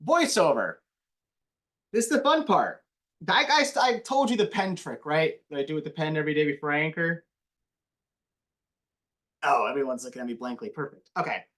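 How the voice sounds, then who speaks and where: A man with a fairly high voice gives a casual lecture to a class. He is a TV news anchor. He talks in quick, animated bursts with a slight mumble. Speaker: TV news anchor giving a guest lesson.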